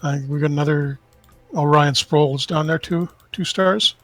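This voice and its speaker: A man's voice: fairly high pitch, steady tone, normal speed, fairly bright tone, no echo, soft background music. A man co-hosting a game stream, adding short agreeing remarks and comments. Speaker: co-host. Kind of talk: casual chat.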